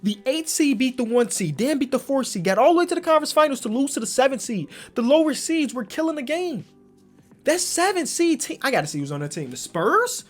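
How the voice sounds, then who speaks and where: A young man giving slangy commentary on a basketball video game, swinging from low muttering to loud excited yelling. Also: brisk, faint music behind. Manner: slangy, talks to himself about the game. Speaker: gaming YouTuber.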